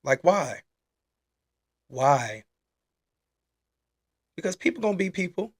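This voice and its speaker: An animated man hosts a casual church-style talk. His voice sits a little high. He asks the same questions again and again. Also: slow. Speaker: host. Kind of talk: casual preaching live stream.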